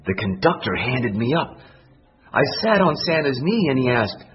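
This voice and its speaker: A man's voice: medium pitch, expressive, measured pace. Man reading a storybook expressively. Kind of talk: storybook read-aloud. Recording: dull lo-fi recording, faint music.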